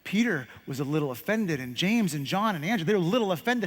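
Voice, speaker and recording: A man preaching a sermon as pastor, telling a story dramatically, slowing down and dropping his voice for effect. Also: a little high, very animated. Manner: dramatic, slows and drops voice for effect. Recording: long hall reverb.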